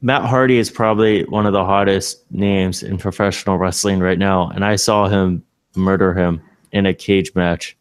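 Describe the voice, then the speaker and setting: A man co-hosting a podcast from a hotel room, joking in an offhand, casual way. His voice is fairly low and smooth. The sound is dry and close. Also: fairly even intonation, moderate pace, no echo. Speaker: podcast co-host. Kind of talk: casual chat.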